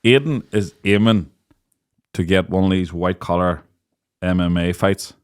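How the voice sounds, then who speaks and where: At a moderate pace, a man in his late thirties with a Northern Irish accent speaks in a smooth, low voice. Hosting his podcast, he keeps things casual and lively, laughing as he tells crude stories.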